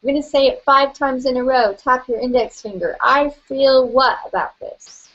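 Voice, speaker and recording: A woman guiding a tapping session, gentle and playful, often breaking into laughter. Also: high voice, normal speed, highs cut off.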